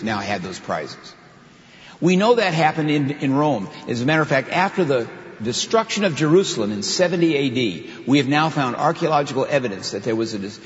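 A man preaching a sermon in a lively, conversational way, with asides to his listeners. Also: mid-range voice. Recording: dull lo-fi sound with long hall reverb.

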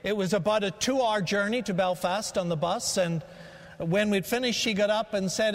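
A man's voice: sits high, normal speed. A man from Northern Ireland with a faded Northern Irish accent, preaching a sermon as a guest in church with formal, prayerful phrasing. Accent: Northern Irish, faded by years in America. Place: large church sanctuary. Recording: church hall reverb.

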